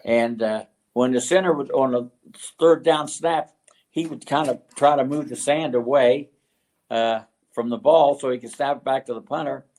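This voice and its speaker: An older man from West Virginia, a retired football coach, telling stories as a guest in an interview, halting and full of fillers and restarts. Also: medium pitch, darkish tone. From West Virginia, USA. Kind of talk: storytelling interview.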